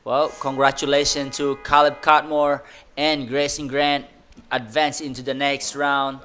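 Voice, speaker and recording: A man commentating live on a surf contest, excitable, in loose, broken phrasing. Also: mid-range voice, measured pace, clear, resonant tone.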